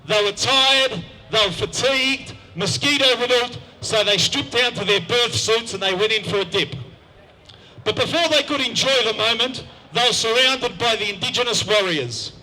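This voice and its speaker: A man's voice: very high voice, moderate pace, sharp tone, poor audio. A man giving an emphatic public speech at an outdoor park gathering, asking rhetorical questions. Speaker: rally speaker.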